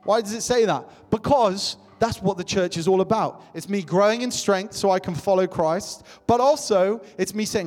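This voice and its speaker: A young man preaching with fervor, his somewhat high voice ringing through a church hall with a long reverb. Soft music plays underneath as he repeats his calls to the congregation. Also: moderate pace, hardly any pauses. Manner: impassioned, repetitive calls to the congregation. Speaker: pastor. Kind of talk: sermon.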